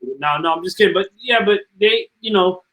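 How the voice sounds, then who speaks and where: A man's voice: high-pitched, brisk, fairly bright tone, poor audio. A man telling a rambling story in a laid-back way during casual chat on a video call.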